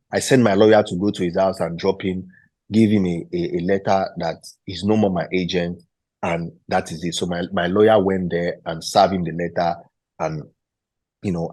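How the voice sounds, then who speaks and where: A man with a Nigerian accent, a footballer being interviewed, retelling a story with lively quoted voices and frequent restarts. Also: low voice, slightly rough, dry recording. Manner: animated retelling, acting out the people he quotes; frequent restarts and repeated words. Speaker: guest footballer.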